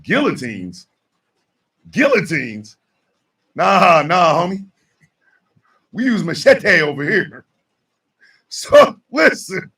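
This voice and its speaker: Fired-up gravelly man ranting on radio. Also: high voice, expressive, slow pace, pauses often, distant mic. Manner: fired-up and shouting, mock call-outs. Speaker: morning show host. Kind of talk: ranting talk show monologue.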